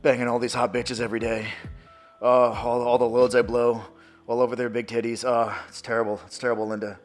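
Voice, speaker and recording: A man's voice: mid-range voice, level tone, a little fast, soft background music, pitched below the performer's own voice, close to an everyday voice. A man voicing a crude, self-pitying male porn actor who moans to his wife about his job, as an improvised comic bit. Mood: weary.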